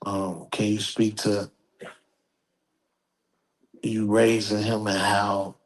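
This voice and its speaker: A man interviewing a guest, asking questions in a soft-spoken, hesitant way. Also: lowish voice, level tone, slow pace, poor audio.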